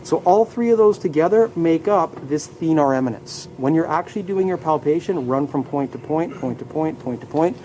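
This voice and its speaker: A man's voice: on the high side, lively intonation, normal speed, hardly any pauses, mellow, a little hiss or hum, poor audio. A man teaching anatomy in a live classroom lecture, upbeat, leading students through muscle names and asking them to repeat terms aloud. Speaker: anatomy instructor.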